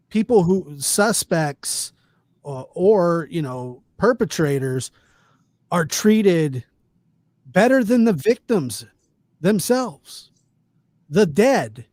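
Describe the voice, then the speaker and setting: A man hosting a podcast, talking in an indignant, halting way with many restarts. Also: fairly high pitch, a little mellow, no echo, studio quality. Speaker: podcast host. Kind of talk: casual chat.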